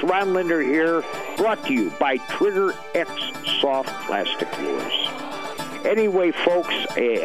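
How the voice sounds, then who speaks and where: Folksy older man over music. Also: mid-range voice. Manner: folksy, rambling, stumbling restarts. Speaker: fishing segment presenter. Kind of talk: casual radio segment. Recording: music bed behind voice.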